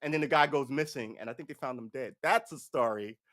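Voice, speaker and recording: This man speaks quickly in a mid-range, fairly bright voice. He's a live-stream political commentator riffing casually on the news, rambling, cursing, and imitating others in mocking voices to give his opinions.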